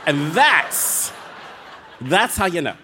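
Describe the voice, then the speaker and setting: A man telling a dramatic, comic story as a guest author on a live show, with quick asides. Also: a little high, big pitch swings, bright, forceful tone, a little hiss or hum.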